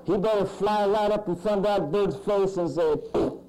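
A male pastor preaching a sermon with emphatic swings in pitch and loudness. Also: normal speed, low-quality recording.

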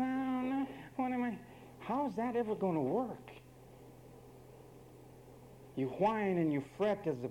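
A male preacher delivers a sermon with a slightly raised pitch and a mellow, warm tone. He is emphatic and wry, turning to address the men and then the women of his congregation directly. A faint hum of ambient noise sits behind him. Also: rough recording.

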